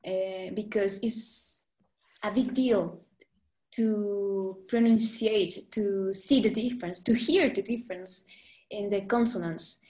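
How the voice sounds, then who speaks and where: A woman with a Spanish accent, a Spanish teacher speaking English as a second language as a podcast guest, halting and searching for words with many fillers. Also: medium pitch, steady tone, darkish tone. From Guatemala. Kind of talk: casual interview chat. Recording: echoey room.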